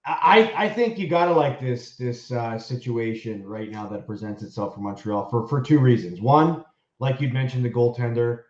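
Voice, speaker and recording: A man's voice: mid-range voice, moderate pace. Male ex-player co-host, conversational and emphatic, echoey lo-fi sound. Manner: conversational, with restarts and emphatic bursts. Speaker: co-host, former hockey player. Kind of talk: casual sports betting chat.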